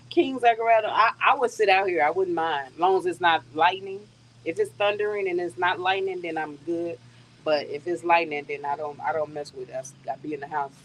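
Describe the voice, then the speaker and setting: A woman's voice: lowish voice, fairly even intonation, a little fast, low-quality recording. Chatty middle-aged woman streaming outdoors. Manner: chatty, laughs often, talks to viewers as y'all. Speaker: live stream host. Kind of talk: casual outdoor live stream chat. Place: outdoors in a yard. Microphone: phone. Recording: faint outdoor noise with crickets.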